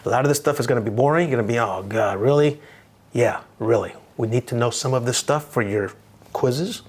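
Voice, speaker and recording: An American man lecturing on real estate with punchy, upbeat energy. He talks straight to his students and drives key phrases home by repeating them. His voice sits at an ordinary male pitch.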